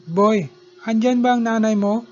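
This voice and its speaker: A man's voice: high voice, moderate pace, highs cut off, pitched above the performer's own voice, natural voice. A man voicing a polite adult woman visiting a neighbour's house, speaking courteously and carefully.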